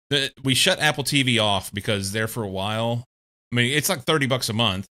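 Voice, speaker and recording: Bright-voiced swearing male gamer. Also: mid-range voice, fairly quick. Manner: swears freely, laughs often, rambling. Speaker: game streamer. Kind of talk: casual chat while playing.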